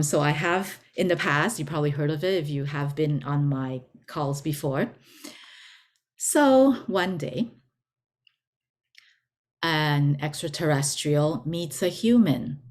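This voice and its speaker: A woman giving an informal spiritual lesson, talking deliberately and repeating words for emphasis. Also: sits low, a little mellow. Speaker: spiritual teacher. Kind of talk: informal teaching talk.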